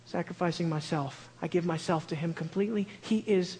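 A man preaching a sermon in an earnest way with a high-pitched voice, building to loud, emphatic declarations. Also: a little fast, few pauses, slightly rough. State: shaky. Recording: long hall reverb.

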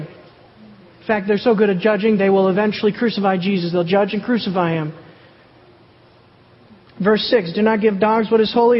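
A preacher with a husky, breathy voice teaches through scripture verse by verse, reading each passage and then firing off questions that they answer themselves. The sound is a touch muffled and rings with a long hall reverb. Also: medium pitch. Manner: reads verses aloud, then poses and answers rhetorical questions. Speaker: Bible teacher. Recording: dull, echoey hall recording.

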